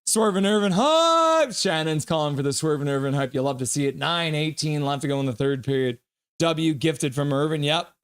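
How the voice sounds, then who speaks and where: A young man hosting a live hockey reaction stream, chatting casually, reading chat aloud and whooping with excitement. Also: a little high, a little fast, clean tone.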